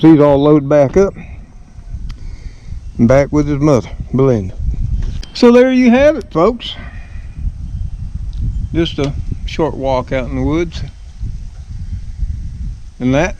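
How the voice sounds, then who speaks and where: Slow folksy older Alabama man. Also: medium pitch, mellow, highs cut off, slight background noise. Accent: Southern US (Alabama). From Alabama, US Deep South. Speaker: vlogger. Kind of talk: casual walking vlog. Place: outdoors in woods and on a front porch.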